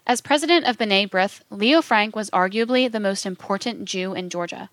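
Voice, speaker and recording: Woman, documentary narrator, measured formal reading, mid pitch, dry close sound. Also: fairly bright tone, no echo. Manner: measured, reads quotations aloud with formal announcements.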